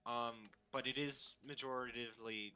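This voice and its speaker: A man's voice: medium pitch, fairly even intonation, moderate pace, sharp tone. A young man, playing a game alongside a friend, joking and arguing playfully in casual chat. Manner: teasing, playful, argumentative. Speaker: gaming co-player.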